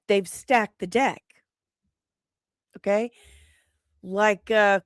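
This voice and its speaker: A woman hosting an opinionated commentary show, sarcastic and quick to laugh. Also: a little high, dry recording, studio quality. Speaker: host. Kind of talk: casual commentary.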